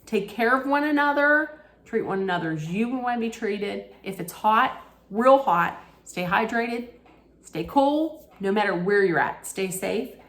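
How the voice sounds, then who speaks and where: A woman's voice: medium pitch, expressive, unhurried, fairly bright tone. A woman hosting her own reality TV recap, ranting casually in a blunt, heated way straight to her viewers.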